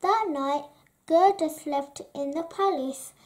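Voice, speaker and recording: A woman reads a children's story aloud, slow and deliberate. Her voice is high and her pace unhurried, giving each word its own space. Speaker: storybook reader.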